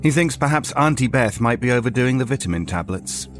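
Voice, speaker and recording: A man narrating a horror story in a measured, storytelling way. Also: medium pitch, lively intonation, faint music behind.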